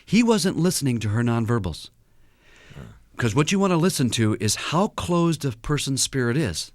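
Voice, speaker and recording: A man speaking as a guest counselor on a radio talk show, his middle-pitched voice rising and falling a great deal. He tells stories with energy and acts out what people said. The sound is close and dry. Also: moderate pace, no echo. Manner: animated storyteller who acts out quotes.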